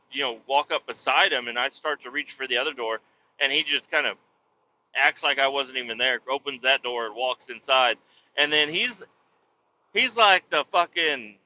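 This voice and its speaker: A man's voice: mid-range voice, bright, forceful tone. A man hosting a podcast, telling a comic story in an exasperated, heavily profane rant, on a dull lo-fi recording. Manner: exasperated ranting, heavy swearing, frequent restarts. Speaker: podcast host.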